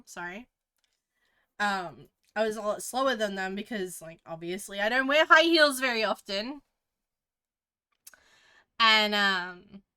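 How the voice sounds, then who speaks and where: A woman's voice: mid-range voice, pushed and bright, smooth. An Australian woman streamer telling a story in a casual, rambling way, often restarting and swearing.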